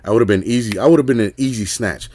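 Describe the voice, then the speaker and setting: A man's voice: lowish voice, quick pace, darkish tone. A middle-aged man tells a story in a casual, rambling way, full of fillers and asking "right?". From Texas. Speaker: caller sharing an encounter.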